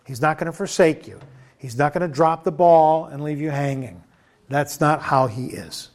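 A man's voice: a little high, normal speed, a little mellow. A man preaching a sermon, emphatic, who repeats phrases and asks the listeners questions.

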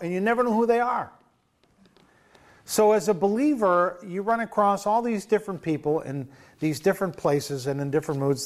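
Man, pastor, sermon, slightly higher voice, chatty asides, chuckling. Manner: conversational, chuckling, with many restarts and asides.

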